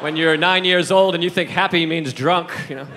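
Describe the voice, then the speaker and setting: A man's voice: fairly high pitch, moderate pace. A man doing stand-up with a dry, laid-back delivery on a comedy club stage. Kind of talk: stand-up set. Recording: live club set with crowd and noise. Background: audience laughter.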